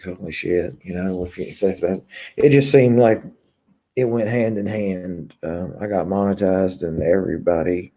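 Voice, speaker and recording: A man hosts a live stream and chats with viewers in a slow, halting way, full of pauses and fillers. His voice is deep, dark and gravelly. He speaks frankly and personally. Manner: hesitant, many pauses and filler words; candid and confessional. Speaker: YouTube channel host. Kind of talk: live stream chat, reading viewer comments.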